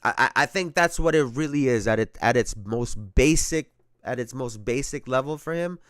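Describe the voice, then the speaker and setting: A man hosting a casual sports talk show, swearing freely and getting worked up as he rants. His voice sits at an ordinary middle pitch. The sound is dry and close, with no room around it. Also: moderate pace, clean tone, dry recording. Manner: profane, animated, laughing often, repeats himself. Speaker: sports podcast host.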